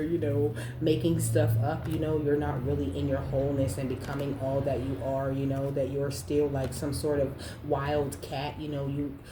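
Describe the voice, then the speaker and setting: A woman with a low, mellow voice gives a casual spiritual reading straight to her viewers. She is blunt and profane, laughs often and keeps checking in with a quick "okay?". Her voice rings in a roomy space with a faint hiss behind it. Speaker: spiritual card reader. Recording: roomy echo.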